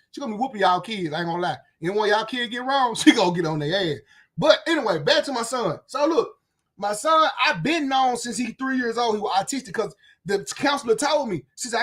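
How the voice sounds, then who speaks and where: A young adult man hosting a reaction channel, ranting casually and profanely to his viewers with animated emphasis, often asking "you know what I'm saying". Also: high voice, slightly rough.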